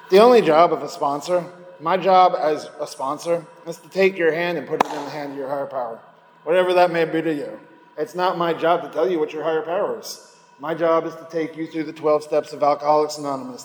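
A man's voice: on the high side, echoey room, long reverb tail, slight background noise, poor audio. A man speaking at a recovery meeting, giving a candid personal testimony and rambling between thoughts. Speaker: recovering alcoholic sharing at a meeting.

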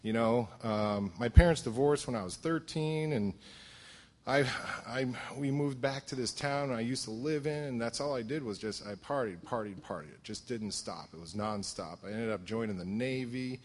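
A man's voice: medium pitch, moderate pace. A middle-aged man from southern Connecticut telling his story at a support meeting, self-deprecating and humorous, with many fillers. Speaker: recovery meeting speaker. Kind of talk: personal testimony at a support meeting.

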